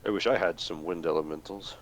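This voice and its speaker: A man playing a tabletop game talks through his character's actions. He thinks aloud and hesitates often. His voice sits low. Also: fast talker, a little hiss or hum. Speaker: player. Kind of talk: tabletop game play, casual chat.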